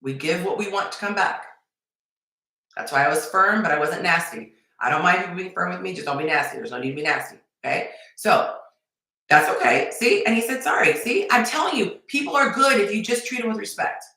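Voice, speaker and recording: A woman dating coach giving advice on a live stream, emphatic and repetitive with sudden excited bursts. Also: fairly low pitch, brisk. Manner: emphatic, repeats points, animated bursts. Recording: very echoey room.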